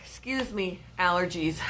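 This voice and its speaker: A woman's voice: fairly low pitch, heavy background noise. A woman hosting a casual live stream, chatting to her pets and her viewers.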